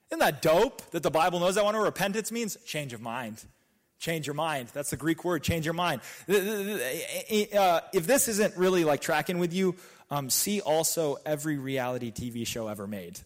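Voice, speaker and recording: A young male preacher delivering a sermon with an animated, swooping delivery and a somewhat high voice. He talks casually and with energy, driving his points home through repeated rhetorical questions.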